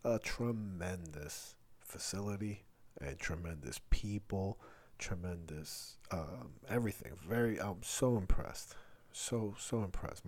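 A middle-aged man, hosting a casual solo podcast, talking candidly and rambling with many fillers and restarts. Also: low-pitched. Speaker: podcast host.

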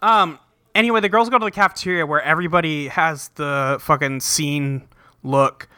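A man with a very bright, fairly high voice recaps a cartoon episode in casual chat. He swears freely and jumps into quick character voices. The sound is close and dry. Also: steady tone, smooth, dry recording. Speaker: podcast host recapping a cartoon.

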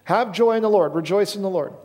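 A man's voice: high voice, fast talker, darkish tone, long reverb tail. A young man preaching a sermon in a church, telling a story casually and self-deprecatingly with lots of fillers. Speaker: pastor. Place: church sanctuary.

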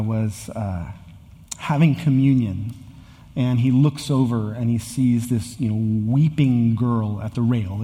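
A man's voice: mid-range voice, warm tone, long reverb tail. A man in his thirties preaching a sermon as a pastor, earnest and building to emphatic repetition. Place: church sanctuary with long reverb.

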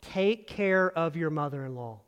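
A man preaching a sermon as pastor, animated, leading the congregation in call-and-response. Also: on the high side, unhurried, clear, resonant tone, lo-fi sound. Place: church sanctuary. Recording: long hall reverb.

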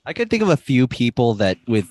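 A man's voice: mid-range voice, very animated, a little fast, darkish tone. A man co-hosting a casual movie podcast, rambling with many fillers and breaking into laughs. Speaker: podcast co-host.

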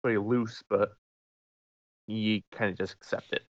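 A man's voice: on the low side, fairly even intonation, unhurried. A man co-hosting a podcast, chatting casually about a film, rambling a little and hedging as he talks. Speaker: podcast co-host. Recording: dull lo-fi mic.

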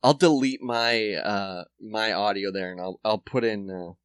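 A man's voice: lowish voice, measured pace, smooth, no echo. A man co-hosting a podcast, chatting casually and laughing often. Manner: laughing, lively banter. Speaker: podcast co-host. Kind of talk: casual chat.

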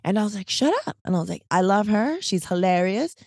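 A woman co-hosting a podcast, telling a long story in casual, animated, slangy chat, full of "like" and "right?". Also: medium pitch, fast, no echo, clean studio sound. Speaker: podcast co-host.

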